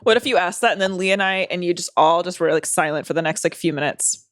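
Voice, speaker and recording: A woman's voice: on the low side, quick pace, dry recording, studio quality. A young woman co-hosting a casual podcast, sarcastic and foul-mouthed as she reads listener stories. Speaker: podcast co-host.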